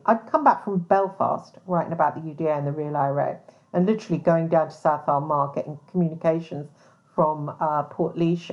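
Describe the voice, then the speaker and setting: Fairly low and darkish in tone, a woman's voice carries a blunt, casual podcast monologue loaded with profanity, "um"s and restarts. She's a podcast host and private investigator, and the sound is dull and lo-fi.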